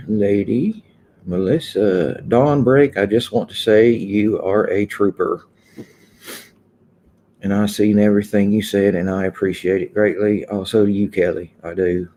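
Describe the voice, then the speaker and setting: A man's voice: lowish voice, mellow, a little hiss or hum. A man hosting a casual livestream, chatting loosely and greeting viewers one by one from an indoor room. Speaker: livestream host. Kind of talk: casual live chat with viewers.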